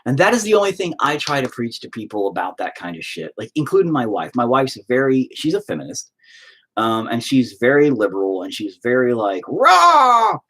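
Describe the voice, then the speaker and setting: A man's voice: medium pitch, big pitch swings, a little fast, slightly rough. A man ranting in casual podcast talk, profane and rambling.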